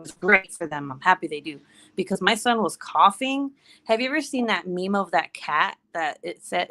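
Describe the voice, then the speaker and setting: A woman in her thirties chatting casually to camera, telling an animated story full of quoted voices. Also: on the low side. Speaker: vlogger. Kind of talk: casual chat.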